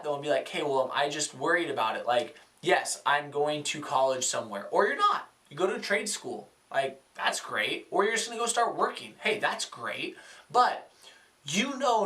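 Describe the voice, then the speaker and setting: Earnest young man, bright voice. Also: a little high, sing-song, moderate pace, recorded from a distance. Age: young adult. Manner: earnest, reflective, many fillers. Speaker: vlogger. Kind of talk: casual talking-head vlog.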